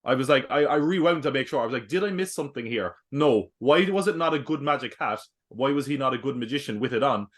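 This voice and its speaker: Critical mid-pitched man picking apart a film. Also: fast talker, hardly any pauses, fairly bright tone. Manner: critical, picks apart the plot. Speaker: podcast co-host, schoolteacher. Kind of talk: casual movie review chat.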